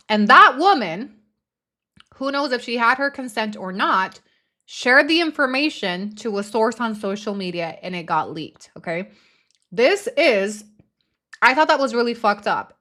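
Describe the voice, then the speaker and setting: A woman's voice: a little high, sharp tone. A woman hosting a live show, giving blunt, emphatic commentary on a recorded phone call, with casual swearing. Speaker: host.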